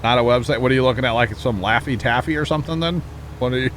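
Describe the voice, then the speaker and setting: A man's voice: medium pitch, fast, a bit bright, slight background noise. A man streaming a farming game, chatting casually and joking with his chat. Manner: chatty, jokey, reading chat aloud.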